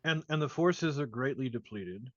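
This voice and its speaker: A man's voice: mid-range voice, lively intonation, moderate pace, no echo, natural voice. A man voicing an aloof, wealthy male noble who questions a commander in a commanding way. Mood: haughty. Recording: dull lo-fi dry sound.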